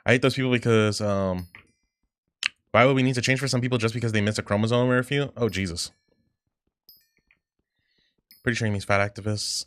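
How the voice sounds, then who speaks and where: A man's voice: on the low side, fairly even intonation, quick pace, no room sound. A man livestreaming while gaming, chatting casually, reading chat aloud and reacting in a rambling, profane way.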